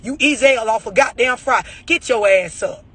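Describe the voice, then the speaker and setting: A man's voice: very high-pitched, moderate pace, pushed and bright, slightly rough. A man giving a blunt, profane motivational rant about overreacting, full of rhetorical questions. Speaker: motivational speaker.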